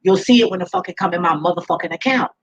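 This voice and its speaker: A woman vlogger rants to camera in a casual monologue, blunt and profane, often laughing as she goes. Her voice is husky and on the low side, she talks rapid-fire, and the audio quality is poor.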